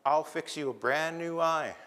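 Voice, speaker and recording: A man voicing a gentle, caring wife who reassures her husband in a soothing way. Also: on the high side, measured pace.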